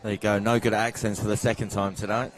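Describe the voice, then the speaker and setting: A man's voice: lowish voice, flat delivery, fast talker. Dry pool co-commentator man. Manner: dry, quips, short stat interjections. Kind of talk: live match commentary.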